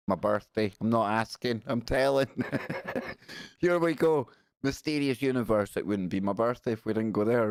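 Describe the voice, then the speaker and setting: A man's voice: mid-range voice, darkish tone, dry recording, studio quality. A man in his forties hosting a live stream, chatting in a rambling, joking way and reading out viewer messages. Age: 40s. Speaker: live-stream show host. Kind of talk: casual live-stream chat.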